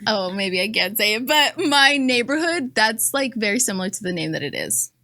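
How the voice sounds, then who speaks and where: A woman in her thirties with a Southern Californian accent co-hosts a podcast, telling a story in a casual, animated way and laughing often. Her voice is a little high and her pace moderate.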